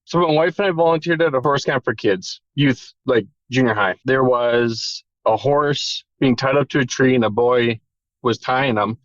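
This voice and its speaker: A man's voice: mid-range voice, normal speed, dry recording, dull audio. A man telling an emotional personal story in a candid, casual way, with the odd swear word. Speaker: podcast guest.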